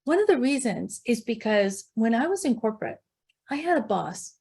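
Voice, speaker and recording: Middle-aged woman, kinda high voice, animated workshop talk, asks the room stuff and tells stories. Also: moderate pace, gravelly, husky. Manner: animated, questioning the audience, storytelling. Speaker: speaker leading a leadership workshop. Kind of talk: interactive talk to an audience.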